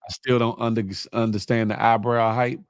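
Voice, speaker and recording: A man hosting a casual live morning show, chatting with viewers, laughing often and animated as he reads their comments. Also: mid-range voice, normal speed, clear, resonant tone, dry recording, low-quality recording. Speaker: livestream morning show host.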